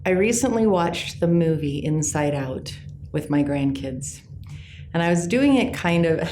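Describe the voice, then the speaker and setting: A middle-aged woman talking gently and earnestly to camera, sharing personal reflections and slowing down on key words. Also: low-pitched, slight background noise.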